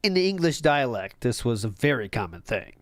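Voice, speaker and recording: Sarcastic male streamer, lively pitch. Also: a little fast, no room sound. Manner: sarcastic, deadpan asides, laughs often. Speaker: streamer reacting to clips. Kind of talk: casual sarcastic commentary.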